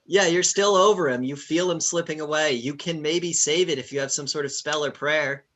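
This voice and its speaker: A man's voice: on the high side, moderate pace, a bit bright. A man running a tabletop game as game master, narrating casually with fillers. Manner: casual, rambling with fillers and laughs.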